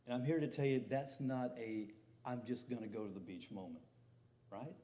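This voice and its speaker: Mellow-voiced man preaching a sermon. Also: mid-range voice, moderate pace, a little hiss or hum. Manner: conversational preaching with rising emphatic peaks. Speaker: pastor.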